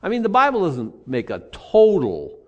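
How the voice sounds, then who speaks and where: Animated, lively-pitched male preacher. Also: normal speed, dull audio. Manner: animated, acts out rationalizing voices. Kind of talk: sermon.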